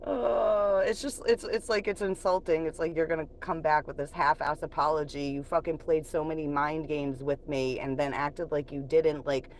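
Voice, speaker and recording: On her casual livestream, a woman vents about an ex, swearing bluntly and laughing a lot, though she becomes reflective about moving on. Her low voice holds a steady tone at normal speed with few pauses, over slight background noise.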